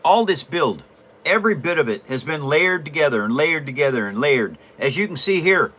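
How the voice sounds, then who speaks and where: A man's voice: fairly high pitch, animated, moderate pace, fairly bright tone. A man hosting a live stream, chatting casually while he works on a paper model and answers viewers. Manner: chatty, explains while building, self-amused. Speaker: host and paper model builder.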